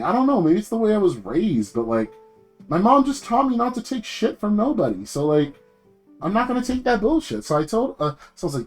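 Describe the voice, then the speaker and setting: A young man streaming, ranting casually about work, animated and swearing, jumping high in pitch when indignant. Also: fairly quick, soft background music.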